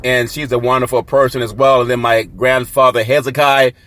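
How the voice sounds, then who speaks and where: A man hosting his own sports podcast, talking casually and excitedly, shouting catchphrases and laughing at himself. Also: medium pitch, brisk. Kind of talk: casual sports talk show monologue.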